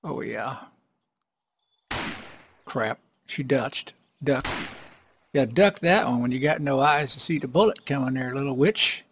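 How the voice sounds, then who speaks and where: A man giving casual, rambling commentary while playing a survival game, often clearing his throat. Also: mid-range voice, unhurried, pauses often, a little hiss or hum. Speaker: let's play gamer.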